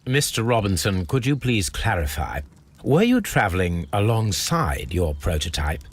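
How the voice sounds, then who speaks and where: A man's voice: on the low side, very animated, moderate pace, breathy edge. A man voicing Sherlock Holmes in a video game, formal and courteous as he questions people. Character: Sherlock Holmes, formal poised male detective.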